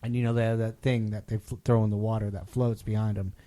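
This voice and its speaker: A man co-hosting a podcast, telling a story in a casual, animated way and loudly acting out what people said. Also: on the low side, fast talker. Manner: animated, acts out quotes loudly. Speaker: podcast co-host.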